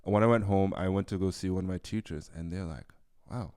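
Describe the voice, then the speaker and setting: A man's voice: sits low, quick pace, clear, resonant tone. A man from Rhode Island hosting a podcast, chatting casually and acting out other people's voices as he tells stories. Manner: animated storyteller, acts out voices. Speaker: podcast host. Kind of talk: casual chat.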